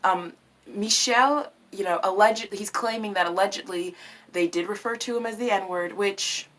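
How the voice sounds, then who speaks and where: A woman vlogging in a casual, animated way, swearing freely and tossing in French words. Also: medium pitch, normal speed. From United States. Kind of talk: casual opinion vlog.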